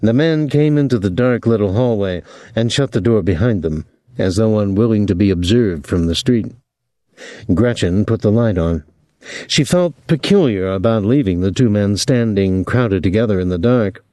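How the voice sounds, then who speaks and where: A man reading an audiobook as the narrator in a measured, even way. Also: fairly low pitch, no echo, studio quality. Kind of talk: scripted narration.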